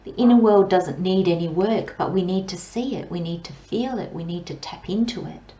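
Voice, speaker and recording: A woman giving a pick-a-card tarot reading in a slow, gentle, soothing way, with long pauses and soft near-whispers. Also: on the low side, echoey room, highs cut off. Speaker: tarot reader.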